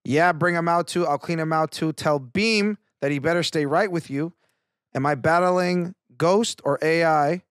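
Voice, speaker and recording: A man's voice: on the high side, unhurried, no echo, clean studio sound. A man co-hosting a casual podcast, reading rap lyrics aloud in a rhythmic delivery and then talking them over. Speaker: podcast co-host. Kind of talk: casual chat.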